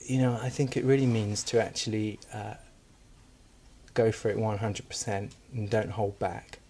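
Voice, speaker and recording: Gravelly, flat-voiced man being interviewed. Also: fairly low pitch, moderate pace. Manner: casual, candid, laughing easily. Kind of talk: comedy interview chat.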